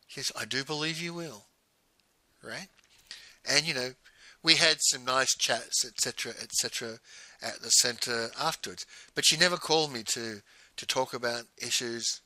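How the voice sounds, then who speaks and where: A man's voice: mid-range voice, bright, forceful tone, no echo, poor audio. A man telling a personal story in a conversational way, often quoting what was said. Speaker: host.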